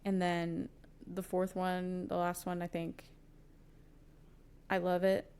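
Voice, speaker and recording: A woman's voice: on the low side, completely flat delivery, slow, darkish tone, clear, resonant tone. A young woman co-hosting a podcast, chatting casually about books, gushing and rambling with lots of fillers and laughter. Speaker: podcast co-host. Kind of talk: casual book chat.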